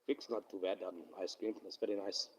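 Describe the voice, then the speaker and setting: A man's voice: fairly low pitch, flat delivery, fairly quick, distant mic, slight background noise, low-quality recording. A man hosting a casual live stream into his phone, rambling, swearing freely and laughing often. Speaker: livestream host. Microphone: phone camera.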